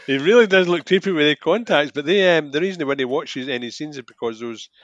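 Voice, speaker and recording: A man with a fairly high voice joins a casual podcast chat and drops in short, wry comments. The recording is dry and close, with no room sound. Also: fast, dry recording, highs cut off. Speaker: podcast co-host.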